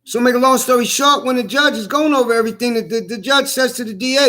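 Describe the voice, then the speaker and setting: A man's voice: very high voice, fast, pushed and bright. A middle-aged man in a blunt, profane ranting monologue who hammers the same points again and again.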